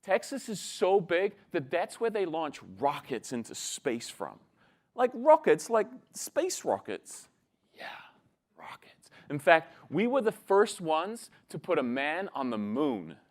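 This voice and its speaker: Eager, boastful young Texan boy, put on by a male speaker with a raised, lively pitch. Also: slow pace, exaggerated voice. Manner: breathless, eager bragging.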